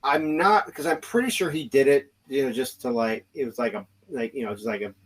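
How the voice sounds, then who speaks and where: A man's voice: mid-range voice, a little fast, low-quality recording. A man hosting a podcast, telling a story casually with lots of restarts and fillers. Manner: rambling, many restarts and fillers, acts out quoted voices. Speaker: podcast host.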